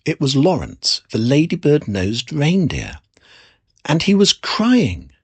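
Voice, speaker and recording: Husky, lively storybook narrator. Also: medium pitch, slow. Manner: expressive, animated storytelling. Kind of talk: storybook reading.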